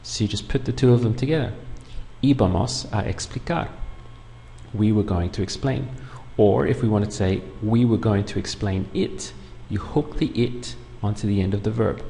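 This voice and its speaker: A man with a lowish, gravelly voice teaches a beginners' language lesson, going patiently through each step. His voice rings with a long reverb, and a faint hiss sits underneath. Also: normal speed, warm tone. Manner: patient, clear step-by-step explaining. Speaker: Spanish teacher. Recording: long room reverb, faint background noise.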